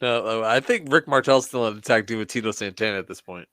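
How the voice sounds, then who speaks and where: Joking Midwestern man, low voice. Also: fast, sharp tone, no echo. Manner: joking, profane, laughs often. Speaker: podcast co-host. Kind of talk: casual wrestling chat.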